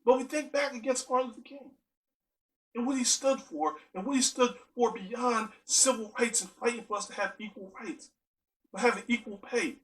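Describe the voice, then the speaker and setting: A man's voice: extremely high pitch, normal speed, rough recording. A man giving an earnest spoken monologue, driving his points home with strings of rhetorical questions.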